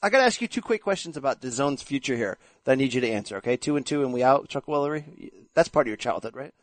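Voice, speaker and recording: A man's voice: mid-range voice, lively intonation, racing, no room sound. A man hosting a casual boxing chat show, joking and bantering with his co-host. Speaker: podcast host.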